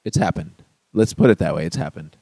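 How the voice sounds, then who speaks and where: A man's voice: deep voice, animated, brisk, gravelly, mellow, husky, no echo. A man guesting on a podcast, chatting casually, joking and laughing often. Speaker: musician guest.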